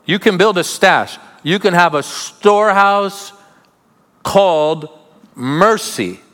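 A man preaching a sermon as pastor, emphatic, with sudden drops to quiet asides. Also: high voice, takes it slowly. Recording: long hall reverb.

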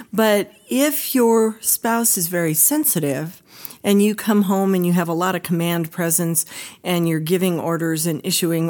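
A woman's voice: on the low side, darkish tone. A woman who is a psychologist hosting an educational podcast, talking in a direct, conversational way. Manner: direct, conversational, acts out quoted voices. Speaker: psychologist host.

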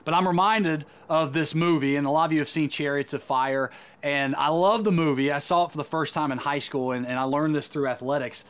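A man's voice: a little high, brisk, a bit bright, smooth. Earnest, emphatic male preacher. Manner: earnest and emphatic, with frequent repeated words. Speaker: Christian speaker. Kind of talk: sermon.

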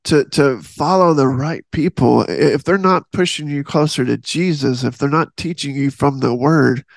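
A man's voice: mid-range voice, normal speed, creaky, dry recording. A man hosting a faith podcast, talking earnestly in a rambling, casual way with many restarts. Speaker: podcast host.

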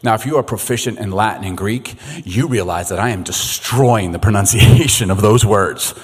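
A middle-aged man preaching a sermon as pastor, in a conversational, animated way, often slipping into little acted-out voices. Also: lowish voice, normal speed, breathy edge. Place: church sanctuary. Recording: reverberant hall.

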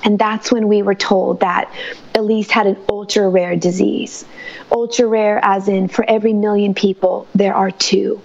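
A woman's voice: medium pitch, flat delivery, moderate pace, vocal fry, darkish tone, dull audio. A mother speaking in an interview, fervent and emotional as she tells her story through faith. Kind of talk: testimony interview.

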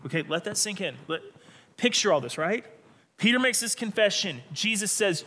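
A man delivering a sermon as pastor, preaching in an animated, dramatic way with sudden emphatic bursts. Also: high-pitched, fairly quick.

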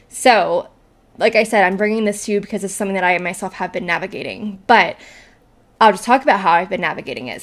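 A young adult woman hosting a solo podcast as a coach, talking casually and tagging her points with "like" and "right?". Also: medium pitch. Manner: chatty, fills talk with "like" and "right?".

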